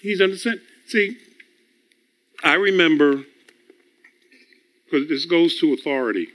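Bright-voiced man preaching with chuckles. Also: a little high, a little slow. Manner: chuckles often, repeats words as he builds a point; storytelling, teaching tone. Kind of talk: conversational sermon.

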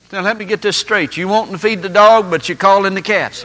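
A man's voice: sits high, quick pace, hardly any pauses, sharp tone, poor audio. A man preaching a sermon, telling folksy stories and acting out the people in them. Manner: folksy storytelling with acted-out voices.

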